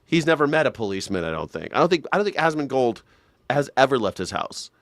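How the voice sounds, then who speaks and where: A man's voice: mid-range voice, quick pace, no room sound, studio quality. Sarcastic ranting male host. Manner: profane, sarcastic, animated. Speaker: live show host. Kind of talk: ranting reaction commentary.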